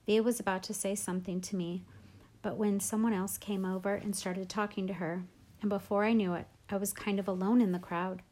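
Woman read-aloud host, clear, expressive novel narration. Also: medium pitch, brisk.

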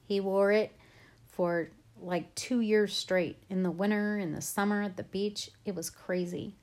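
A woman's voice: mid-range voice, steady tone, a little slow, a little mellow, natural voice. A woman reading a blunt, knowing teenage girl. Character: confident teenage girl, blunt, a bit proud. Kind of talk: audiobook reading.

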